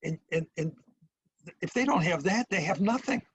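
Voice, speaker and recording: An older man from the United States, a retired professor of international relations, answering interview questions in a halting way, with many restarts and some dry humour. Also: high voice, lively intonation, fairly bright tone, husky, no echo, low-quality recording. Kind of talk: remote interview.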